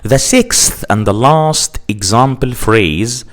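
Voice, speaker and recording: A man teaching an English grammar lesson, saying example phrases slowly and deliberately and repeating his points. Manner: lively rise and fall in pitch when explaining.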